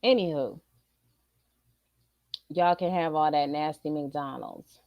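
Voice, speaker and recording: A middle-aged woman streamer giving a blunt, profane, animated opinion rant to her viewers. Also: sits low, takes it slowly, no echo, dull audio.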